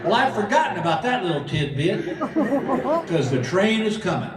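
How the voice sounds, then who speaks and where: A man's voice: sits high, very animated, moderate pace, distant mic. A middle-aged man doing stand-up comedy, telling self-mocking stories and acting out every quote. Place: casino theater stage. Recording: echoey hall recording from afar with crowd noise. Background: audience laughter.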